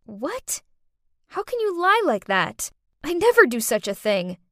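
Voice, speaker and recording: Young woman telling her story all dramatic, higher voice, dry close sound. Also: huge pitch swings, a little slow, dry recording. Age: young adult. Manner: dramatic, exclaiming. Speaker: narrator. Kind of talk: first-person animated story narration.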